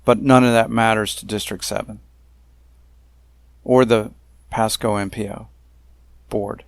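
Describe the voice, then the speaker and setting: Deliberate low-voiced man narrating slides. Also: steady tone, gravelly, no room sound, studio quality. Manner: deliberate and emphatic, with frequent pauses and fillers. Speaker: narrator of a self-made video complaint series.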